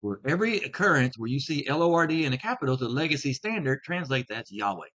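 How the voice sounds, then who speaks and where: A man teaching about Bible translations in a video talk, speaking deliberately and stressing key words. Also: mid-range voice, big pitch swings, a bit bright. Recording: slightly dull lo-fi sound.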